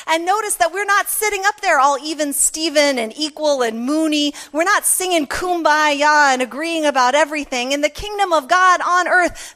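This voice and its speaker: A woman's voice: sits high, sharp tone. A woman pastor preaching a sermon in a conversational, self-deprecating way, with emphatic repetition.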